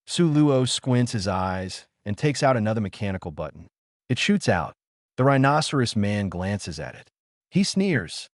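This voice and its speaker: A man's voice: lowish voice, very animated, measured pace, no echo, clean studio sound. A man narrating an audiobook in a dramatic style, calling out sound effects with punch. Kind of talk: audiobook narration of a fan novel.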